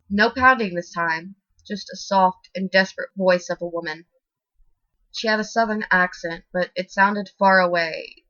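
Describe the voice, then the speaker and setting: Scripted horror narration is delivered by a woman in a steady, expressive manner. Her voice is on the low side, and the audio sounds dry and a bit muffled.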